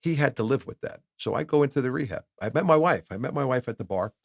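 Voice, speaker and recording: A man's voice: mid-range voice, expressive, quick pace, creaky, dry recording, clean studio sound. A middle-aged man, a podcast guest, candidly telling his life story with lots of acted-out dialogue. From New Jersey. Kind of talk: personal storytelling in a podcast interview. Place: podcast studio.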